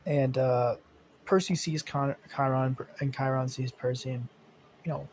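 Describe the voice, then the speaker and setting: A man's voice: mid-range voice, steady tone, a little slow, a little mellow, slight background noise. A young man narrating an improvised fan story, rambling with many fillers and casual swearing.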